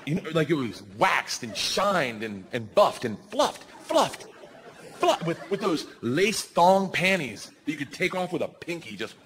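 A man doing a stand-up comedy set on stage, telling crude stories loudly and slipping into squealing voices. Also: fairly high pitch, big pitch swings, normal speed, hardly any pauses. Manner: loud, rowdy storytelling with crude jokes and squealing put-on voices. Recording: live venue with crowd laughter.

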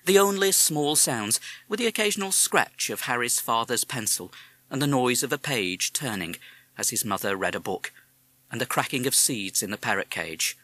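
A man narrating a children's storybook audiobook in an animated, expressive way. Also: medium pitch, moderate pace, no echo.

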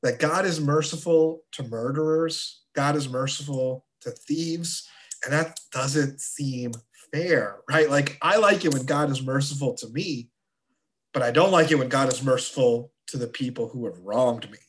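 A man teaching a confirmation class of teenagers in a relaxed, chatty way with playful asides. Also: medium pitch, measured pace. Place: church.

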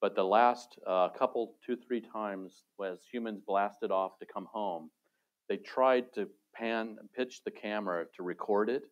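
A very deep-voiced middle-aged man talks through his career as a guest on a live panel, relaxed and storytelling, with wry asides. The sound is dull and muffled, like a lo-fi livestream. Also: a little slow. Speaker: retired space robotics engineer, guest. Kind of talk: casual panel talk.

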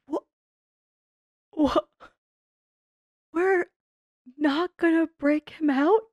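A woman hosting an anime reaction, talking casually and excitably, swearing often and laughing a lot. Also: high-pitched, very slow, no echo. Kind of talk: casual live reaction commentary.

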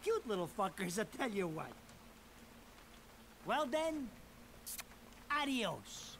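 An actor playing a crude, fast-talking mob wiseguy with an Italian-American New York accent, in a video game cutscene. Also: male voice, sits high, big pitch swings, vocal fry, fairly bright tone, a little hiss or hum, heavily acted. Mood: wisecracking.

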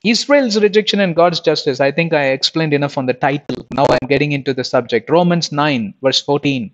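A man's voice: on the high side, a little fast. A man preaching a Bible lesson in an emphatic way, full of rhetorical questions and repetitions. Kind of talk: sermon. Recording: dull lo-fi recording.

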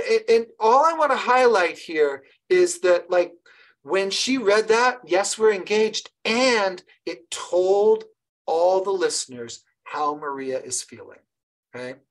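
A woman runs an online workshop for early childhood teachers. She speaks over a video call in a slightly low voice, lively and encouraging. She often trips into restarts as she talks. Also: poor audio. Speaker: early childhood literacy trainer. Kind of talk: online professional development session.

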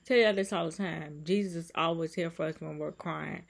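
A woman's voice: deep voice, steady tone, fairly quick, creaky. A woman vlogger speaking in an emotional, repetitive and soothing way, giving heartfelt encouragement to her viewers. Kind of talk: heartfelt encouraging vlog talk.

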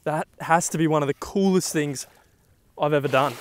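A young man talking outdoors on the water while fishing, exclaiming excitedly to the camera. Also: on the high side, brisk, a little hiss or hum. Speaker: fishing vlogger.

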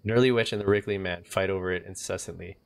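A man voicing a bitter, ancient male elven ghost king, in a low voice with brooding lines. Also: steady tone, quick pace, vocal fry.

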